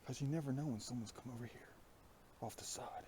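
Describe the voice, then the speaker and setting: A man vlogging outdoors on a foggy hillside, talking in a hushed, often half-whispered, reflective way into a phone headset mic. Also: mid-range voice, brisk, slight background noise. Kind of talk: musing outdoor vlog. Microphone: iPhone with plugged-in headset.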